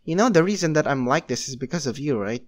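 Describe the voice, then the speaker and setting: A man's voice: on the high side, expressive, quick pace, lightly acted. A man doing a cheerful, rambling devil friend. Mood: friendly. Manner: rambling, filler-heavy.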